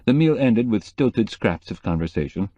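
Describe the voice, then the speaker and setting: A man reading a cozy mystery audiobook in measured, even scripted narration. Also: fairly low pitch, no echo, highs cut off.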